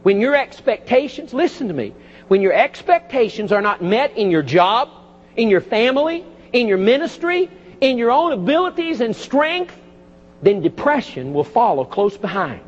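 A man preaching from the pulpit, his voice unusually high and husky. He rises and falls with lively emphasis and drops in folksy asides. The sound is dull, and a long church echo trails each phrase. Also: moderate pace. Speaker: pastor. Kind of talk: sermon. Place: church sanctuary.

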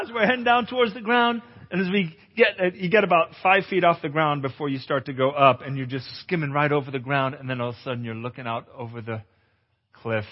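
A male pastor giving a testimonial sermon at a conference, an animated storyteller who acts out dialogue and exclaims loudly. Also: mid-range voice, brisk. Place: conference hall. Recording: echoey hall, dull lo-fi sound.

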